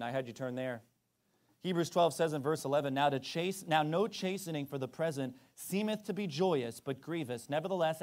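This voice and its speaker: Fiery high-voiced male preacher. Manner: impassioned, swings from shouting to hushed. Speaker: pastor. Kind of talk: fiery sermon. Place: church during a service.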